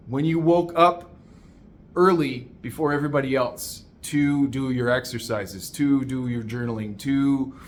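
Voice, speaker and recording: A man coaching listeners in an energetic, emphatic motivational monologue, calling them "my man". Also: mid-range voice, slight background noise.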